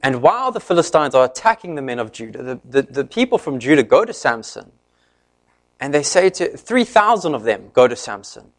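A man preaching a sermon, retelling a story in an animated way and briefly voicing each character's lines. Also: medium pitch, brisk.

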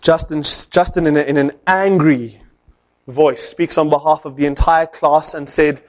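A man preaching a sermon, telling a story in an animated way with dramatic pauses. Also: fairly high pitch.

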